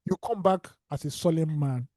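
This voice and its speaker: Man, Nigerian accent, casual podcast banter, jokey, warm low timbre. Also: moderate pace, no room sound, studio quality. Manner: playful, joking, slips into Pidgin. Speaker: podcast co-host.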